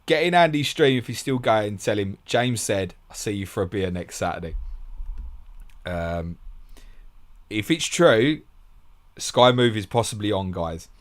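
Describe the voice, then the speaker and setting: Blunt low-voiced man reading comments. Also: lively intonation. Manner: blunt, swearing, laughs often, reads comments aloud quickly. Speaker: host of a fantasy football stream. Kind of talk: casual live stream chat reading viewer questions.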